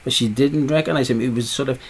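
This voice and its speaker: A man's voice: mid-range voice, steady tone, fast talker, husky. A man preaching a sermon, pressing his points with repeated rhetorical questions.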